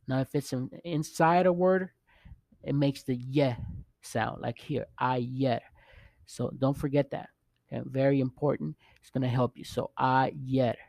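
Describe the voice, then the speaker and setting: Male teacher, casual online lesson; gravelly, dark tone, dry close sound, stop-start delivery. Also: medium pitch, steady tone, no room sound. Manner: halting, restarts often, checks in with "okay?" and "right?". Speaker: Spanish teacher.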